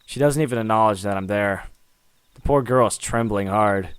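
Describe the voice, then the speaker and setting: A man's voice: on the low side, normal speed, clear, resonant tone, no echo. A man reading a visual novel aloud, narrating his actions and reacting dramatically. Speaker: gaming content creator.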